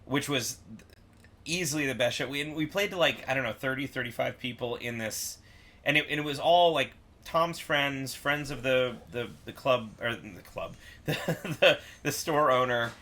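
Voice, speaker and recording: A man's voice: mid-range voice, normal speed, pushed and bright. A young man in a band, casually rambling through tour stories on a livestream chat and laughing often. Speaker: band member co-host.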